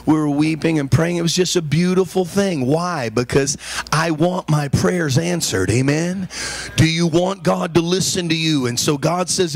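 A man's voice: fairly high pitch, normal speed. A male pastor preaching a sermon, telling personal stories and calling the congregation for amens.

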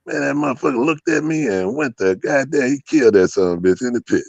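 Here the same dog breeder speaks at medium pitch, fast and creaky, slightly mellow, with lively intonation. Guesting on a casual interview, he rambles through profane stories, laughing a lot and using many fillers, on a dry, dull-sounding recording.

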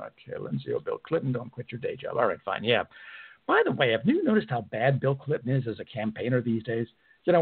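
A mid-pitched man hosts talk radio, ranting with sarcasm and indignation and trailing into filler words. His voice comes through narrow and phone-like from the studio. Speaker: radio talk show host. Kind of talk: political talk radio monologue.

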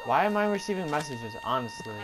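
A woman's voice: lowish voice, animated, fast. A young woman chatting and teasing her brother while playing a video game. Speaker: gamer. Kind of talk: casual let's-play chat. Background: loud game music.

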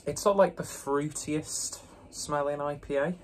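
A man's voice: on the high side, measured pace, slight background noise. A man doing a casual beer review vlog, rambling along with joking, self-mocking asides, indoors with a fan running.

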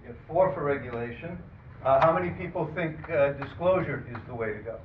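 A man moderating a panel, speaking haltingly with plenty of ums and the odd dry aside. His voice sits at an ordinary pitch and is picked up from across a big echoing room. The sound is thin and phone-like, with a faint hiss underneath. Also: far from the mic. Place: conference room.

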